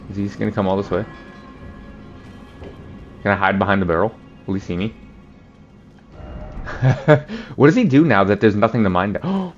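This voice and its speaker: A man's voice: lowish voice, normal speed, long pauses, highs cut off, soft background music. A man hosting a let's play, joking and swearing in casual gameplay commentary. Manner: profane, joking, laughs often.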